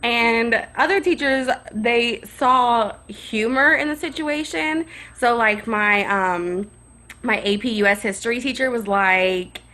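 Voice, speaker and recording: A young woman with a bright, forceful voice tells a storytime vlog with plenty of sass and attitude. She sits a little high in pitch and acts out the other people in her story as she goes. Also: takes it slowly. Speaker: vlogger.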